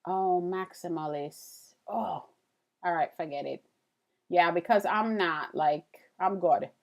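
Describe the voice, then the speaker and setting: A woman's voice: on the low side, slow pace. Woman live-streamer, casual and rambling, thanking her chat between drawing steps. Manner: chatty, thanks viewers, many fillers and restarts.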